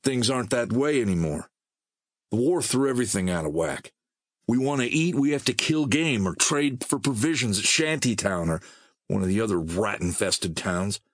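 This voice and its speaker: Hot-headed young male scavenger, snappy and scornful, lively, husky , read by a male narrator. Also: lowish voice, normal speed, no echo, studio quality.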